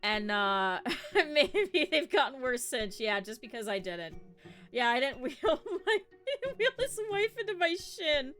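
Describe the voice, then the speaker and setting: A woman streamer chats with her viewers, her voice high-pitched and very bright. She tells stories in an animated way, laughing often and swearing casually. She is on a home desk mic with faint game music playing behind her. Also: a little slow. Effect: cartoon avatar streamer, talking over game music. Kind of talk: casual storytelling to chat.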